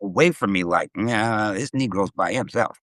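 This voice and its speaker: A man's voice: lowish voice, moderate pace, no echo. A middle-aged man telling stories in casual chat, swearing freely and acting out the voices of people in them. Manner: animated, profane storyteller acting out quotes. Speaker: live stream host.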